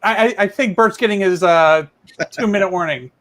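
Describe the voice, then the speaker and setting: Man, high voice, panel host, video call, steady, organized. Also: normal speed. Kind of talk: livestream panel chat.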